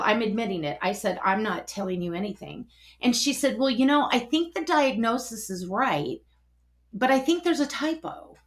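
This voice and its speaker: A middle-aged woman telling a personal story, animated and acting out both sides of each conversation. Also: mid-range voice.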